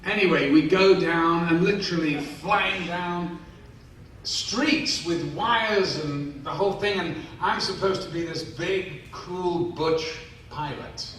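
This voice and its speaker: In a big, echoey convention hall, the mic picking him up from far off with a little hiss or hum, an actor tells fans a self-deprecating story and voices its characters. He speaks slowly in a high-pitched, fairly bright voice.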